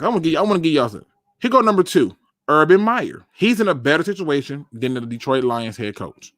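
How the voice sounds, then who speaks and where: A man hosts a casual fan sports show, speaking emphatically and talking straight to his viewers. His pitch sits a little high and moves a lot. The recording is dry and close, with no room sound. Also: big pitch swings, brisk, a bit bright, no echo. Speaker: sports podcast host. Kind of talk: casual fan commentary with screen share.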